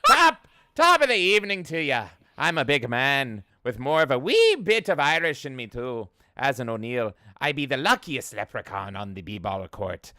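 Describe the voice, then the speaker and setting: A man putting on a loud mock Irish brogue, playing a tall boastful basketball star as he rereads a tip message. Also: medium pitch, big pitch swings, normal speed, no echo, studio quality. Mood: boisterous.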